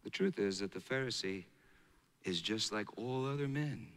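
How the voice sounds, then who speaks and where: A middle-aged man preaching a sermon as a pastor, swinging between hushed and loud passages. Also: lowish voice, normal speed. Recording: long reverb of a large hall.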